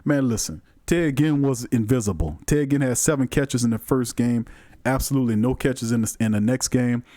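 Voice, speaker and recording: Animated New man hosting sports talk. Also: medium pitch, normal speed, no room sound, studio quality. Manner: animated, emphatic, colloquial, talks to the chat. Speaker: sports talk show host. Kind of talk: live-streamed sports call-in show, reading chat.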